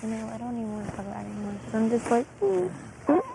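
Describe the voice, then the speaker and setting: In rapid-fire bursts, a young woman contestant on a reality show shares casual gossip inside the house, animatedly mimicking others with lots of "like." Her fairly high voice is gravelly, and the room feed is noisy.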